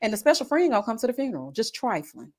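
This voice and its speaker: Woman, casual live-stream chat, fairly high voice, very lively pitch, slangy and expressive. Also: very fast. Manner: chatty and expressive, Southern-style slang, calls viewers girl and honey. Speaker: YouTube reality-show reviewer reading viewer comments.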